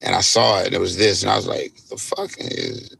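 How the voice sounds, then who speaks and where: A man, a DJ guest on an interview podcast, telling a story in a casual, animated way with plenty of swearing. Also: sits low, brisk, vocal fry, husky. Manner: animated, profanity-laced storytelling.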